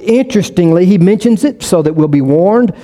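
Male pastor, conversational sermon delivery with repeated phrases, warm tone, church reverb. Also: high voice, lively intonation, brisk. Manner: conversational, with frequent restarts and repetition for emphasis.

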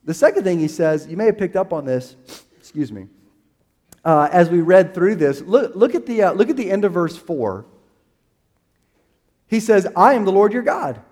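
A man's voice: high voice, lively intonation, moderate pace, long pauses, a little mellow, big-room sound. A male pastor preaching a sermon, emphatic and building to a strong crescendo, with a few restarts and fillers as he finds the verses.

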